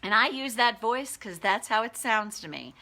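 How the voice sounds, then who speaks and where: A woman's voice: a little high, animated, moderate pace, bright, forceful tone. A woman life coach talking earnestly and conversationally to viewers, with frequent restarts. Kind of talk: casual talk to viewers.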